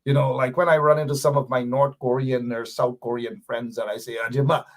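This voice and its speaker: A man's voice: medium pitch, level tone, fairly quick. A man hosting a live talk show, playfully teasing viewers as he reads their comments aloud.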